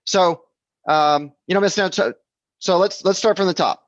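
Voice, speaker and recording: A man's voice: sits high, normal speed, dry recording. Man teaching sales, dull dry sound. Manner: conversational, repeats himself, checks in with "okay?" and "right?". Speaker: real estate sales trainer. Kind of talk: casual instructional talk.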